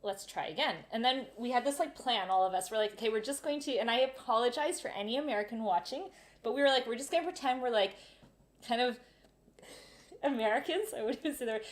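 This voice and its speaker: Woman host, casual live-stream storyteller, animated, slightly high voice. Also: quick pace. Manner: animated, acts out voices in stories. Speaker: travel vlogger, live Q&A host.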